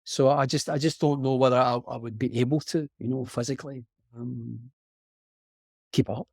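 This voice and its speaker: Gravelly Scottish man, earnest and halting. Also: medium pitch, steady tone, dry recording. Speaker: guest actor. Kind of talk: reflective conversation. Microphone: video call.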